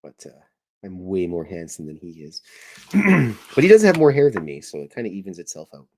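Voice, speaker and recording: Speaking with wildly swooping pitch at a fairly quick clip, a middle-aged Canadian man talks in a low, somewhat mellow voice. He's a podcast host and cartoonist rambling casually as he draws, joking, self-deprecating and drifting from topic to topic.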